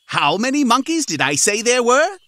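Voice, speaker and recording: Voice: medium pitch, very animated, moderate pace, fairly bright tone, no room sound. A performer voicing a friendly frog who teaches children a song, with a cheerful, encouraging manner. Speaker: children's sing-along host. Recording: music behind the voice.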